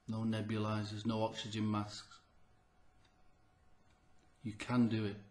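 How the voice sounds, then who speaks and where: Breathy, emphatic man in an echoey room. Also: lowish voice. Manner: earnest and emphatic, repeats key phrases. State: audibly short of breath. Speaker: health vlogger. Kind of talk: motivational talk to camera.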